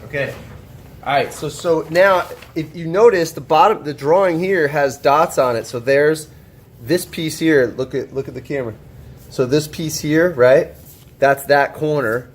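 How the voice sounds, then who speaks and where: A man's voice: fairly high pitch, measured pace, a little hiss or hum. Man teaching a drawing class. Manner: checks in often, encouraging and joking with students. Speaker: high school shop teacher. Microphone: camera held by a student.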